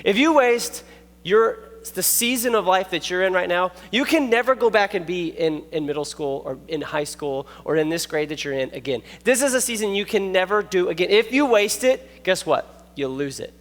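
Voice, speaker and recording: A man preaching a youth sermon, animated and jokey, telling stories and checking in with the listeners. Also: high-pitched, normal speed. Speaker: youth pastor. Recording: long echoey hall reverb.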